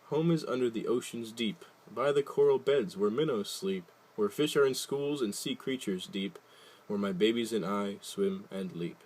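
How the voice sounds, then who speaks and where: A man voicing a huge kind mother blue whale, speaking gently in a sing-song rhyme. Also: on the low side, normal speed, slightly rough, poor audio. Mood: gentle.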